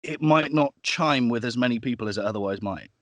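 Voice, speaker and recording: A man's voice: mid-range voice, brisk, no room sound, lo-fi sound. Thoughtful man, dry sound. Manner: thoughtful, explains at length. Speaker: guest, audiobook narrator and producer. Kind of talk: casual interview chat.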